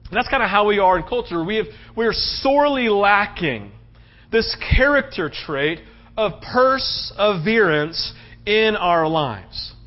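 A man's voice: high voice, animated, a little slow. A male pastor from the United States preaching a casual sermon, often tossing in rhetorical questions. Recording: slightly muffled recording.

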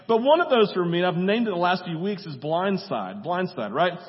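A man with a high voice preaches a sermon in a relaxed, conversational way, often checking in with the congregation and briefly voicing scenes he retells. His voice rings with a long hall echo. The sound is dull and muffled. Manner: acts out movie dialogue in quick voices. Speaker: pastor.

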